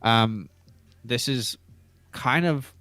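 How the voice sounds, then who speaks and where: A man's voice: medium pitch, drawn-out words, sharp tone, clean tone, no echo, faint music behind. An American man co-hosting a casual live stream, chatty and reading out viewer questions. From United States. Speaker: podcast co-host.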